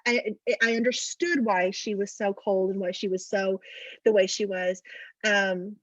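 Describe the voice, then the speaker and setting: A woman in her forties or older, an author and literary agent, telling family stories in a lively way on a video call. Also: medium pitch, a little slow, no echo, dull audio. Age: 40s or older. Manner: animated storyteller, acting out family voices. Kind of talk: virtual fundraiser interview, storytelling.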